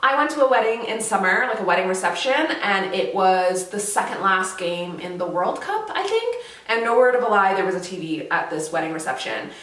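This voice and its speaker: A woman from Canada chatting casually to camera as a vlogger, animated and laughing often. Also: medium pitch, fairly quick, far from the mic. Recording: roomy echo, slightly off mic.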